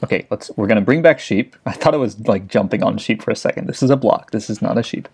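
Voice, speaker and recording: A man's voice: fairly low pitch, quick pace, a little mellow, breathy edge. A young man giving frantic, swear-filled commentary while playing a video game. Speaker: let's play gamer. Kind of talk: casual gameplay commentary.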